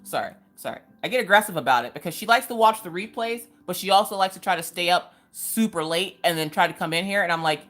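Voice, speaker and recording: Animated woman hosting a livestream. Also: on the low side, quick pace, hardly any pauses, faint music behind. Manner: animated, greets viewers by name with playful exclamations; joking, chatty asides. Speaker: livestream host. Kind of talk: casual livestream chat.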